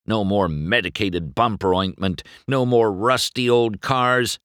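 A man reading a storybook aloud, voicing a cocky, excitable young race car who turns anxious and yells in alarm. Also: medium pitch, dry recording, clean studio sound, pitched above the performer's own voice, heavily acted. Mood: earnest. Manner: anxious, quick to shout in alarm.

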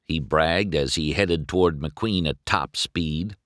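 A man narrating a children's storybook aloud in a slow, expressive storytelling manner. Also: rumbling low, dry recording, clean studio sound.

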